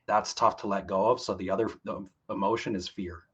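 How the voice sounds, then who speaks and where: Deep husky man, lo-fi audio. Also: fairly quick. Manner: steady, explanatory. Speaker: financial planner guest. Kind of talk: podcast interview.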